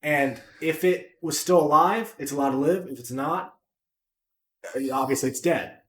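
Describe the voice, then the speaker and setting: A man co-hosting a podcast, chatting casually with animated, profane rambling jokes. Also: a little high, normal speed, reverberant. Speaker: podcast co-host. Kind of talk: casual chat.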